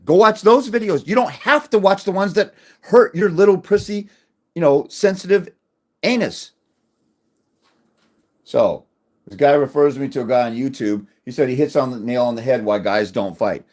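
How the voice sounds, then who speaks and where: A middle-aged man giving a blunt, crude advocacy rant to camera, combative, with many restarts and loud jumps when he makes a point. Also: mid-range voice. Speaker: fathers' rights advocate.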